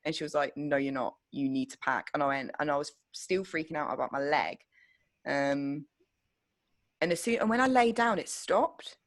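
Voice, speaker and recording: A woman's voice: low voice, moderate pace, dry recording. A young woman, casually telling a personal story on a podcast, full of "like"s and loose swearing. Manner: chatty storytelling with many "like"s, swears freely. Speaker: podcast co-host. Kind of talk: casual chat.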